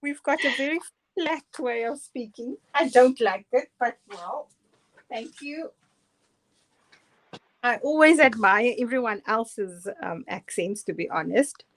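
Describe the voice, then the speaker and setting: A woman's voice: fairly high pitch, expressive, measured pace. A middle-aged woman with a Cape Town South African accent, casually demonstrating card making, chatty and self-deprecating with frequent laughs. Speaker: guest crafter demonstrating cards. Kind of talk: casual live craft demonstration.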